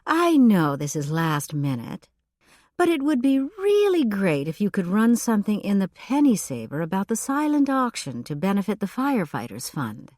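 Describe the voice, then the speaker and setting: A woman narrator voicing a breathy, scatterbrained female fire dispatcher in an audiobook, with an eager, pleading manner. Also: mid-range voice, wildly swooping pitch, moderate pace, a little mellow, no echo, studio quality. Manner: eager, pleading, then frantic. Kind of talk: audiobook character voice.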